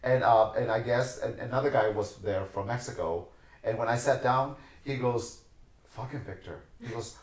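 Poor audio and an echoey room surround this medium-pitched man speaking at a moderate pace. A dancer and teacher, he's a passionate podcast guest who brings his stories to life by acting out the voices of those involved.

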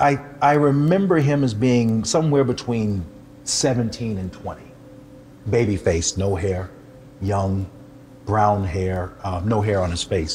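An older man who is a pastor shares his personal testimony, telling it animatedly with self-deprecating humor. His voice is low, and a faint hiss sits in the background.

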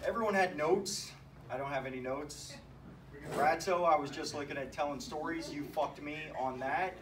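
A man's voice: on the high side, normal speed. A man giving a rambling, profane roast speech at a retirement party, laughing through his own stories. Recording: echoey hall recorded from far off with crowd noise.

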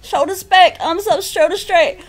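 A woman's voice: extremely high pitch, a little slow, loud music behind the voice. A woman streaming a horror game live, panicking, yelping and muttering repeated phrases under her breath. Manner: panicky, yelps and shrieks, nervous chatter. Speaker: gaming streamer.

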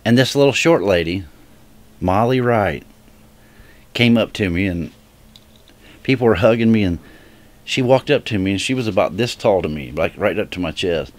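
Guy telling his faith testimony to the camera, deepish voice, choked up and halting, keeps restarting. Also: lively intonation. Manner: emotional, halting, with frequent restarts; earnest direct appeal to viewers. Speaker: person giving a religious testimony. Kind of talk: heartfelt personal testimony to camera.

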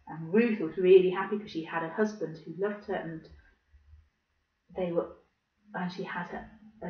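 A woman leading a children's church video for toddlers. She tells a story and runs games in a slow, exaggerated, coaxing presenter manner, recorded at home. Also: mid-range voice. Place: living room at home. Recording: roomy, distant, slightly dull home recording.

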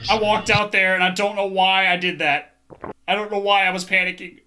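A gamer giving let's play commentary on a horror game, thinking aloud through puzzles and exclaiming loudly at scares. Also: mid-range voice, steady tone, brisk, slight background noise.

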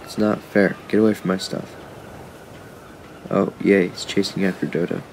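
Gravelly low-voiced man grumbling at a game. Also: fairly even intonation, moderate pace, a little mellow, slight background noise. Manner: frustrated, talks to the game and viewers. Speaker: gaming YouTuber. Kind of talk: casual game commentary.

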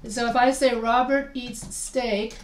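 Heard from far off in an echoey room with slight background noise, a writing instructor speaks at a measured pace in a highish, fairly even voice. Teaching live, she's chatty, asks her students plenty of questions, and frequently restarts her sentences.

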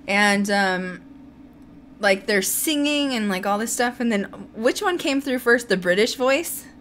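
A young woman hosting a casual podcast chat, telling stories in an animated, giggly way. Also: mid-range voice, a little slow, slight background noise. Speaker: podcast host.

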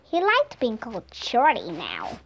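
A woman with Vietnamese as her first language reading a children's audiobook aloud in a slow, clear, expressive way. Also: on the high side. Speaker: storybook reader.

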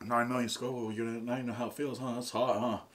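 A man's voice: medium pitch, little pitch movement, quick pace, background noise. A man with an Ohio accent chatting casually on a food challenge vlog while gasping and groaning through burning heat. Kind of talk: casual chat.

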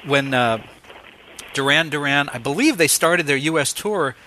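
A man in his fifties hosts a relaxed interview, his voice bright and forward with a slightly high pitch. He tells stories with animated energy and laughs often. The talk is casual and chatty. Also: normal speed. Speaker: host.

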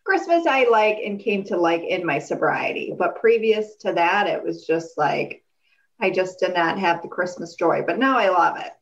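A woman in her late thirties co-hosting a podcast, chatting casually in a blunt, profane, animated way. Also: fairly low pitch, moderate pace, highs cut off. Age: 30s. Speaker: podcast co-host. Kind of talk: casual chat.

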